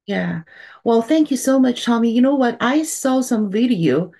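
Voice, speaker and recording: A woman host whose first language is Chinese, asking interview questions in a gentle, sympathetic way. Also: a little high, animated, normal speed, creaky. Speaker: forum host.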